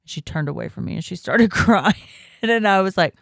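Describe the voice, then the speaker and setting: Chatty young mom, gravelly edge. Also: female voice, lowish voice, animated, moderate pace, no echo, clean studio sound. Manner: storytelling, laughs often, many fillers. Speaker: podcast co-host. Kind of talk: casual chat.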